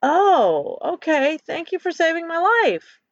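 A woman voicing a frightened young man running from a monster dog, her voice pushed high and shrill. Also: big pitch swings, normal speed, no room sound. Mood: relieved. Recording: dull lo-fi recording.

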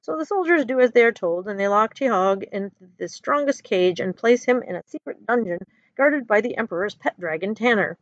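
A woman narrating a children's story aloud in an expressive storytelling manner. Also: medium pitch, moderate pace, no room sound, lo-fi sound.

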